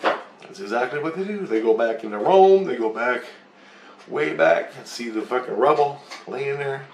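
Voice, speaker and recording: A man's voice: mid-range voice, animated, moderate pace, vocal fry, distant mic, slight background noise. A man telling a long rambling story in casual chat, swearing often and acting out both sides of the talk. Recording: roomy echo.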